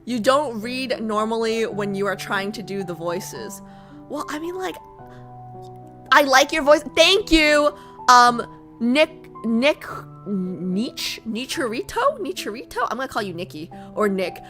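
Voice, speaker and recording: A woman streamer talking casually to her chat and reading a game's story aloud, playful and teasing herself. Her voice is bright and fairly high, with a lively rise and fall. Soft music plays faintly behind her. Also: measured pace.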